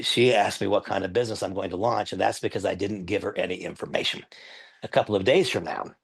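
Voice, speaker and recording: A man's voice: low-pitched, vocal fry, breathy edge. An older man giving a live training demonstration on a headset mic, earnest and emphatic, repeating his key points.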